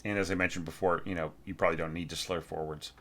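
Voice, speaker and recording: Deep-voiced man talking through a score. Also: steady tone, fast talker, a bit bright. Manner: thinking aloud, sings melodies on nonsense syllables. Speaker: orchestration teacher. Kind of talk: casual spoken score evaluation.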